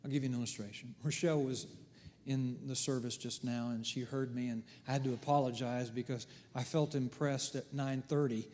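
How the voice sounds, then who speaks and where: A middle-aged man preaching a sermon as pastor, telling stories with big swings from hushed to loud. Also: medium pitch, steady tone, fairly quick, slight background noise. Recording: long hall reverb.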